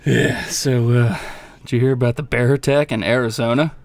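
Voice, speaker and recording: Guy cohosting a podcast, middle pitch, cussing a lot while reading news, dry close mic. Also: fairly even intonation, normal speed, dry recording. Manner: profane, blunt, reads news items aloud. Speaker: podcast co-host. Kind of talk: casual chat.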